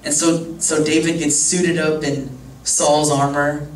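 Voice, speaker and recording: A man's voice: a little high, little pitch movement, slow. Young man, youth pastor, casual joking sermon, echoey room, distant mic, faint hum. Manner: casual, joking, rambling storytelling.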